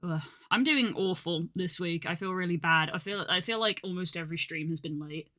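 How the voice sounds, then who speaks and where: A streamer talks casually into a desk mic, with a bright, sharp edge to the voice. The talk rambles with many fillers and restarts, a little short of breath, and is often self-deprecating. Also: mid-range voice, fairly quick. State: slightly out of breath. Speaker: live streamer. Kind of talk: casual live-stream chat.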